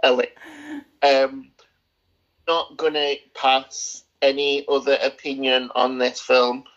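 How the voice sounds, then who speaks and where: A man's voice: medium pitch, little pitch movement, takes it slowly, fairly bright tone. A man co-hosting a casual film review podcast, rambling and opinionated, with plenty of hesitations. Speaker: podcast co-host. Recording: dull lo-fi sound.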